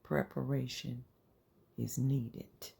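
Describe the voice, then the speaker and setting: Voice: medium pitch, level tone, slow, vocal fry, warm tone, breathy edge. A channel host giving an earnest, informal inspirational faith talk, repeating phrases and dropping into whispers to make a point.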